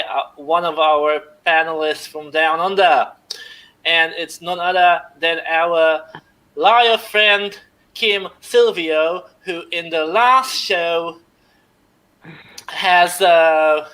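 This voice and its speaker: A man's voice: a little high, fairly even intonation, takes it slowly, bright, forceful tone. Jokey man with a put-on Aussie twang. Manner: jokey, puts on a poor Aussie accent. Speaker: livestream panelist singing a parody song. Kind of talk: casual banter and sung parody.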